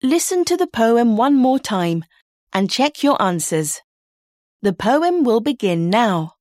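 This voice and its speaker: Woman, high lively voice, slow careful delivery for exam audio, dry close studio sound. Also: no echo. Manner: slow, clear, deliberate reading. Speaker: listening test narrator. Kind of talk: scripted exam narration.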